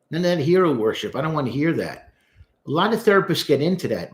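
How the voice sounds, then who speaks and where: A man, a therapist, breaking down song lyrics in casual, animated commentary, talking straight to the viewer. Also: a little high, fast. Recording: echoey room.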